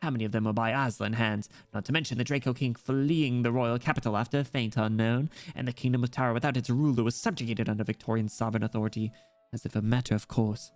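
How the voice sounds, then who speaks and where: A man voicing an eloquent male poet scholar in a put-on British accent, measured and formal. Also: medium pitch, fairly even intonation, a little mellow, no echo, faint music behind, lightly acted. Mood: solemn.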